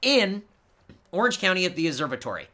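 A man hosting a podcast, ranting in a loud, excitable way, swearing a lot and laughing often. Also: sits high, brisk, background noise. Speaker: podcast host. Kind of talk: casual podcast chat.

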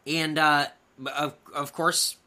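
A man co-hosting a podcast, recapping wrestling matches in casual chat and acting out the wrestlers' lines in loud bursts. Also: fairly high pitch, little pitch movement, takes it slowly. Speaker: podcast co-host.

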